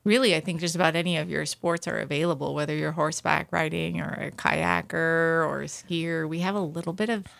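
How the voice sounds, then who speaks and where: A woman being interviewed about her outdoor adventures, a lively, self-deprecating storyteller who laughs often. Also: sits low, a little fast, gravelly, hardly any pauses. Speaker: guest, outdoor adventure writer. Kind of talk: casual interview chat.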